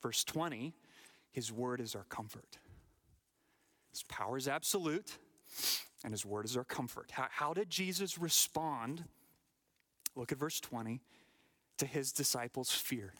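A middle-aged male pastor preaching a sermon, emphatic, sometimes dropping to a hushed whisper and often repeating words as he builds. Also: medium pitch, lively intonation, a little slow, long pauses.

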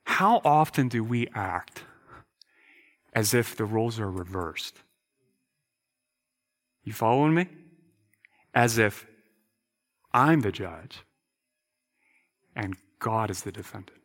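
A man's voice: lowish voice, animated, takes it slowly, long pauses. A man preaching a sermon, emphatic, posing rhetorical questions and often repeating words as he goes. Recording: reverberant hall.

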